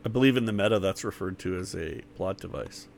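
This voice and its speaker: Man, gravelly voice, joking player, laughs a lot. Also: low voice, fast, slight background noise. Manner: joking, laughs often, stammers. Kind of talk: tabletop game chat.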